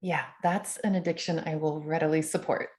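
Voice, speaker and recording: A woman hosting a podcast interview. Her voice sits low and sounds mellow. She affirms her guest and sums up his story in a reflective way. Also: fairly even intonation, normal speed. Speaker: podcast host.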